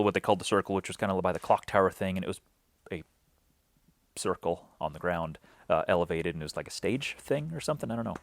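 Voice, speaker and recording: A man's voice: low-pitched, no echo. A man recapping a weekend game event in a loose, rambling way, full of fillers and restarts, acting out bits of dialogue.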